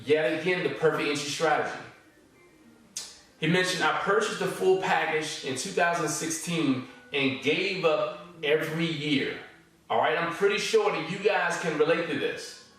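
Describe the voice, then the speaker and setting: A man's voice: fairly high pitch, normal speed, a bit bright, recorded from a distance. Man, forex course instructor, casual repetitive delivery, echoey room, faint music behind. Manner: casual, repetitive, stops often to say "all right?" and "okay?". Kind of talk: reading and commenting on student testimonials.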